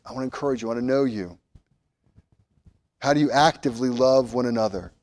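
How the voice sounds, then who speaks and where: Man, pastor, sermon, emphatic swings from loud to hushed, average pitch. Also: fast talker. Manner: animated, rising loud on emphasis, dropping soft and low.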